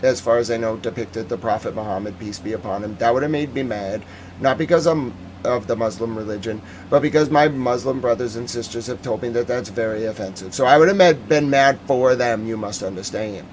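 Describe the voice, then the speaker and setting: Male stream host, mid-pitched voice, heated and emotional commentary, reads chat aloud. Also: a little fast, a little hiss or hum. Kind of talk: live-stream news commentary.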